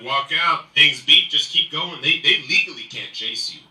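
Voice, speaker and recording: A man hosting a live comedy show, working the crowd with loud, energetic emcee banter and stand-up. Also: a little high, moderate pace, few pauses. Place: live comedy venue, indoors. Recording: echoey room, mic from far off.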